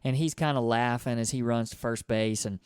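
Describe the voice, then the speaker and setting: A man's voice: medium pitch, fairly even intonation, moderate pace, clear, resonant tone, no echo, studio quality. A man, co-hosting a podcast and telling a childhood story in casual conversation, acting out his own thoughts as he goes. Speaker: podcast co-host.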